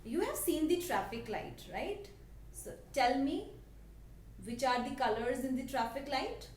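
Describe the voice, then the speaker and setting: A woman with an Indian English accent, teaching a language lesson slowly and patiently and repeating each word for her learners. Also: sits high, sing-song. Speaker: French teacher. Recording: echoey room, voice a bit distant, faint background hiss.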